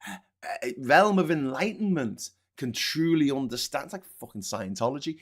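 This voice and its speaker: A man's voice: mid-range voice, expressive, normal speed. Sweary sarcastic man ranting. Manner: sarcastic, profane, mocking put-on voices. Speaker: political commentary host. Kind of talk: sweary live-stream rant.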